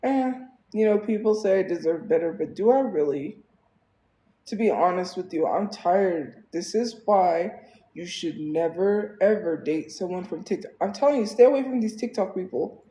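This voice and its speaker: A woman's voice: on the low side, expressive, moderate pace, dark tone, echoey room, low-quality recording. A woman livestreaming, venting in a casual, exasperated way with lots of fillers.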